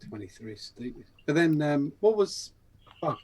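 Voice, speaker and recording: A man co-hosting a podcast, chatting casually with quick interjections. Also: a little high, big pitch swings, a little mellow. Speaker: podcast co-host. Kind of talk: casual chat.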